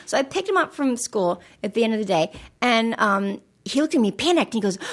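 A middle-aged woman with a fairly high voice tells a story in relaxed conversation. She is animated and lively, slipping into other people's voices as she recounts what they said. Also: fairly quick. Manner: animated storyteller, acts out voices in her anecdotes. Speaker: guest. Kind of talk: casual conversation.

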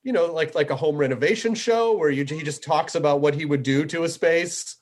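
A man's voice: a little high, brisk. A man hosting a casual chat, enthusiastic and loose, with plenty of fillers and casual swearing. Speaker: podcast host.

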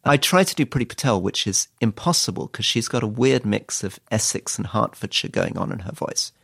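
Gravelly, low-voiced British man. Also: lively intonation, brisk, a bit bright, no room sound. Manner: dry, wry storytelling with quoted asides. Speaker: guest author, former politician. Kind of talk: conversational interview answers.

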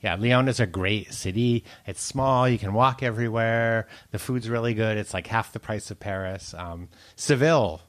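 A man's voice: on the low side, normal speed, hardly any pauses. A man, a food writer, chatting casually as an interview guest, rambling with lots of likes and ums. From United States. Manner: chatty, laughs often, many likes and ums.

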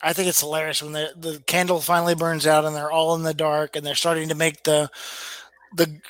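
High, bright-voiced chuckling man. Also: flat delivery, fairly quick, no echo. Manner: amused, chuckling. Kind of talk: casual chat.

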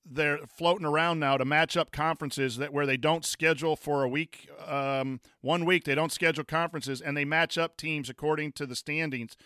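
A former coach talks through a casual sports chat in a bright, smooth voice. He rambles with many fillers and restarts, and the recording is dry and close. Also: fairly high pitch, steady tone, moderate pace, hardly any pauses, dry recording. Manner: reads chat comments aloud. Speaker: podcast co-host, former coach.

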